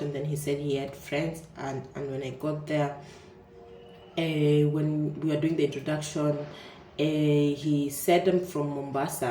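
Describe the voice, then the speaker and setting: A young woman with a Kenyan accent tells a personal story in a low, mellow voice. She talks casually and animatedly, stumbling over repeated words when she gets nervous. The room is echoey, and a faint hum of ambience sits under her voice.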